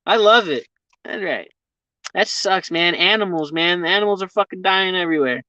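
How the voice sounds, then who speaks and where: A man's voice: high-pitched, moderate pace, sharp tone, no room sound. A man chatting with viewers on a casual live stream, rambling, swearing freely and laughing often, talking from his vehicle. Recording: dull lo-fi stream audio.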